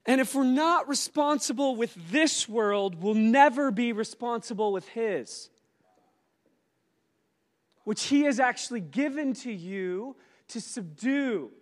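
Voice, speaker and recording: A man preaching a sermon at a church conference, animated, rising to loud exclamations and dropping to soft reflective asides. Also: very high voice, slow pace. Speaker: conference speaker. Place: church auditorium. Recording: live in a large hall with long reverb.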